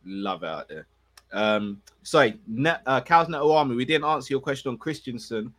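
Man, podcast co-host, laid-back slangy chat, steady measured football breakdown. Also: medium pitch. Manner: relaxed, slangy, measured analysis.

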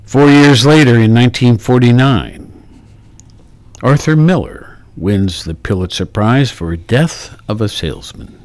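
A man's voice: mid-range voice, a little slow, darkish tone. A man hosting a morning radio talk show, chatting casually with many fillers and self-corrections. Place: radio studio. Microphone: studio microphone.

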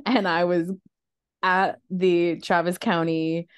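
A young woman talks casually on a podcast, winding through her thoughts with fillers and little nervous laughs. Her voice sits on the low side and comes across smooth and clear. The sound is dry and close, with no room around it. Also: flat delivery, slow pace, no echo. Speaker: podcast host. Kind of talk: casual conversation about grief.

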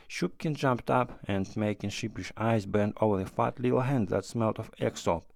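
A man giving measured audiobook narration of a classic short story. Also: fairly low pitch, vocal fry, no room sound, clean studio sound.

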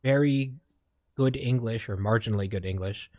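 A man's voice: medium pitch, moderate pace, mellow, no echo, studio quality. A young man from the Philippines chatting casually as a streamer, rambling with lots of fillers and restarts. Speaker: streamer and podcast co-host. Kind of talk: casual chat.

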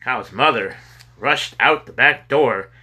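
A man reading a children's chapter book aloud with expressive delivery. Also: mid-range voice, a little slow, slightly rough. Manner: expressive reading with sudden loud cries for characters. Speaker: storybook reader. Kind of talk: children's story read aloud.

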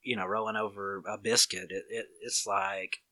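A man's voice: on the low side, moderate pace. Southern man rambling in casual chat. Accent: Southern US, Alabama. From Walker County area, Alabama. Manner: rambling, many restarts and fillers, animated storytelling.

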